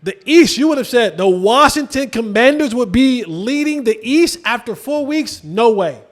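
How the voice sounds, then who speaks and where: Animated high-voiced man talking football. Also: moderate pace. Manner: animated, drops to low emphatic asides, rhetorical questions to viewers. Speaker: sports podcast host. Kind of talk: casual football commentary to camera.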